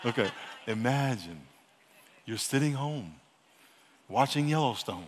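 A man preaching a sermon as pastor, with a New York accent. He talks fast and calls for responses from his congregation. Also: medium pitch, animated, a little hiss or hum. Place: church sanctuary. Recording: long church hall reverb.

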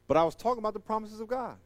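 A male preacher with a fairly high voice, delivering a sermon that swings from loud, emphatic points to quiet, joking asides. His delivery is animated and conversational. The sound is close and dry, with no room echo. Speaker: pastor.

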